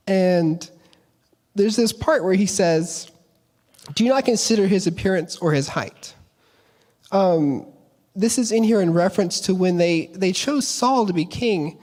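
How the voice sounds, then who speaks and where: At a chapel service, a young man casually retells a Bible story, chatty and playful, slipping into character voices for its people. His voice is high-pitched, expressive and darkish, a little slow, with the long reverb of a chapel around it.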